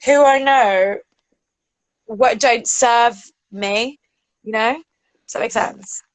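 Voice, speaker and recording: A woman's voice: on the high side, slow pace, dry recording, low-quality recording. A woman in her thirties chatting casually as a podcast co-host, loose and laughing, with the odd swear. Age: 30s. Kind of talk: casual chat.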